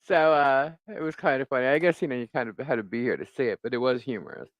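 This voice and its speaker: A man's voice: mid-range voice, fast talker, muffled recording, a little hiss or hum. A middle-aged man co-hosting a live talk show, telling a neighbor story in casual chat, laughing often and cursing freely. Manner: animated storyteller, frequent laughter, swears. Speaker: podcast co-host.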